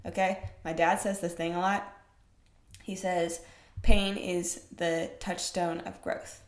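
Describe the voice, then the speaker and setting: A woman's voice: lowish voice, slow pace. A young woman hosting a fitness podcast, talking bluntly with lots of swearing and fired-up rhetorical questions. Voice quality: blunt, profane, emphatic. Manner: rhetorical questions, animated swings in loudness. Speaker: fitness podcast host, personal trainer. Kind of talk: casual monologue. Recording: roomy echo.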